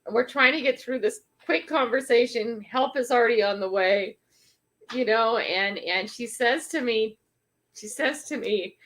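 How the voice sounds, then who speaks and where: A woman's voice: fairly high pitch, unhurried. Chatty older woman telling a story. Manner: chatty, animated, laughing through a funny story. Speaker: livestream host. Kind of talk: casual storytelling on a livestream.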